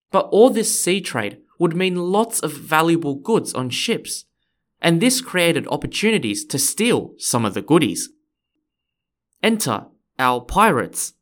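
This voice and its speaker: A man, hosting a history podcast in friendly, explanatory scripted narration. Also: a little high. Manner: friendly, explanatory, occasionally playful. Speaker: podcast host.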